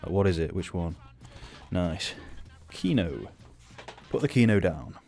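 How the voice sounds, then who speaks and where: Young man, film reviewer, casual reaction commentary, sweary and sardonic, deep voice. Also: sing-song, measured pace, darkish tone.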